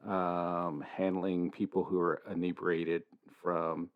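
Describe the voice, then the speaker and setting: A man chatting on a podcast as a guest, talking in halting, hesitant bits with many ums and restarts. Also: deep voice, flat delivery, narrow, tinny audio. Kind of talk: casual chat.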